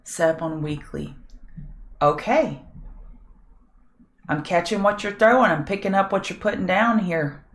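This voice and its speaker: Middle-aged lady trading host, low voice, bit scratchy, chatty w viewers while she looks at charts. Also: measured pace, pauses often. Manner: chatty, reads viewer names, thinks aloud over charts. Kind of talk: live market prep chat with viewers.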